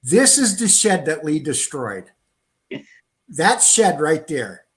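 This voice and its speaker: Emphatic man with a lively voice. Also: fairly high pitch, slow pace, breathy edge. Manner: emphatic, rhetorical questioning. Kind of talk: casual chat.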